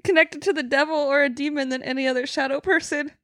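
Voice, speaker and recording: A woman's voice: sits high, fairly even intonation, fast talker, fairly bright tone, dry recording, clean studio sound. A young woman co-hosting a podcast, chatting casually, giggling often and easily spooked. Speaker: podcast co-host. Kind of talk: casual storytelling chat.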